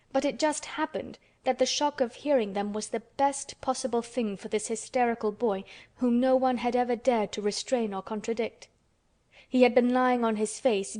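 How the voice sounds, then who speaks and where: A woman's voice: a little high, a little mellow. Woman reading an audiobook. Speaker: audiobook narrator. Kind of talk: scripted narration.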